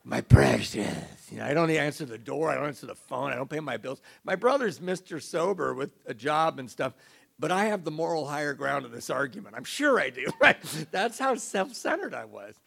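Gravelly middle-aged guy telling his recovery story, raw and emotional, pokes fun at himself. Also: a little high, sing-song, a little fast, fairly bright tone. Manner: confessional, emotional, self-mocking. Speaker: recovery speaker. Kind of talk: personal testimony talk.

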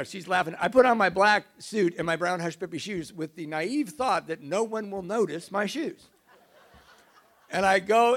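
A middle-aged man telling a self-mocking recovery story to an audience, in an animated way. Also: high voice. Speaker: speaker sharing recovery story.

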